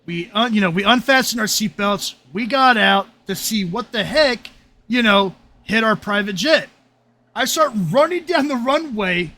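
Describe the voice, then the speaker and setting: A man hosting a casual roleplay podcast chat, telling stories with animated energy and bursts of shouting. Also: sits high, unhurried. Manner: animated storyteller, shouts when excited. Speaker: podcast host.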